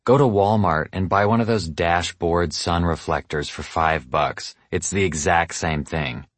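A man doing a gruff old bike mechanic. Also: deep voice, unhurried, no room sound. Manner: blunt, practical advice.

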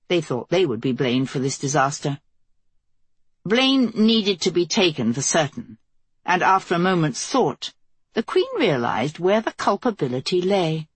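A woman narrating a fantasy audiobook in a steady, even voice. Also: low voice, husky, no room sound.

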